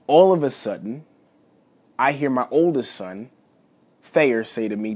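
Husky dad in his 30s hosting a podcast, chatty and animated, keeps saying y'all. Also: medium pitch, unhurried, long pauses. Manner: folksy, animated storytelling, addresses listeners as y'all. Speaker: podcast host. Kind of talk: casual storytelling monologue.

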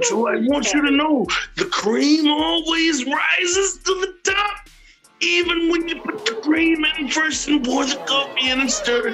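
Raspy high wrestler promo voice, wild swoops, slow drawn-out words, faint music. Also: male voice, full character voice. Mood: boastful. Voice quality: raspy, growling. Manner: shouty, drawn-out promo delivery with big pitch swings. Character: gravel-voiced male wrestling legend cutting a promo.

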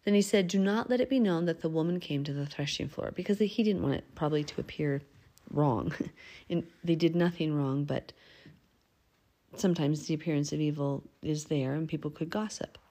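A woman's voice: low-pitched, moderate pace, mellow. Chatty woman reading and explaining scripture. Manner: reads verses aloud, then explains them chattily; acts out the figures' lines in an everyday voice. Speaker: bible study teacher. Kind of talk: casual scripture reading and commentary.

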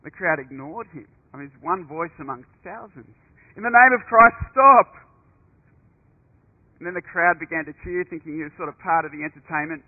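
A man's voice: fairly high pitch, steady tone, quick pace, hardly any pauses, breathy edge. A man preaching a sermon, telling a story in an earnest way, often restarting and repeating words. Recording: narrow phone-like radio broadcast.

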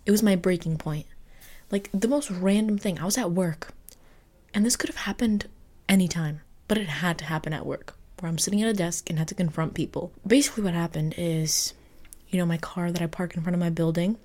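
A young woman telling a personal story in a casual, expressive podcast monologue, full of fillers and the odd swear word. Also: lowish voice. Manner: chatty, expressive, lots of fillers and mild swearing. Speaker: podcast host.

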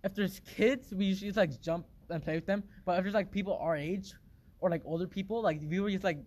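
A teenage boy in casual chat, excitable and laughing often, leaning heavily on "like". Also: high-pitched, a little fast.

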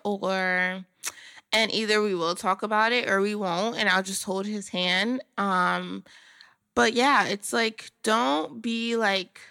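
Bright-voiced frank woman podcaster. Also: medium pitch, takes it slowly, vocal fry, clear, resonant tone, no echo, studio quality. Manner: frank and chatty, with casual swearing. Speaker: podcast host. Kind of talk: casual solo podcast talk.

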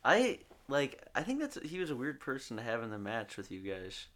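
A young man from Michigan hosting his own podcast, talking in a laid-back, halting, jokey way. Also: medium pitch, huge pitch swings, fairly bright tone. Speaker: podcast host. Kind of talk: casual podcast chat. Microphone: studio podcast mic.

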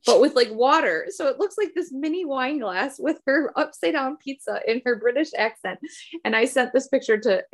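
Middle-aged mom co-hosting a casual chat podcast, chatty and rambling. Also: female voice, on the high side. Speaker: podcast co-host, mother.

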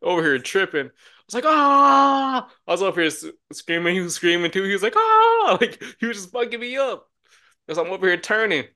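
A young man co-hosting a podcast, telling a story in a loose, animated way and acting out the voices of the people in it. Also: sits high, fast talker. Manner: animated storyteller, acts out quotes with shouts. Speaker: podcast co-host. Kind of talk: casual storytelling chat.

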